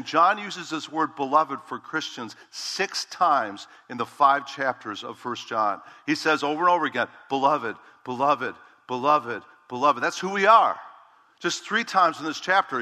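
A middle-aged man preaching a sermon as a pastor, emphatic, slowing down and stretching key words for weight. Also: medium pitch, bright, forceful tone, big-room sound.

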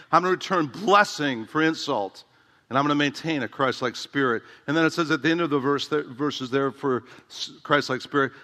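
Man, pastor; bright, slightly high voice; conversational, humorous sermon with long hall reverb. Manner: conversational preaching with humor and emphatic repetition.

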